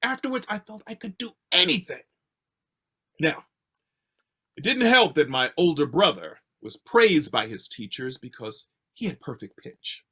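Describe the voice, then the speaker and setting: An older man from Baltimore telling a personal story with a theatrical, expressive delivery, heard over a video call. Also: unhurried, slightly rough. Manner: expressive, theatrical delivery with swings in pitch and pace.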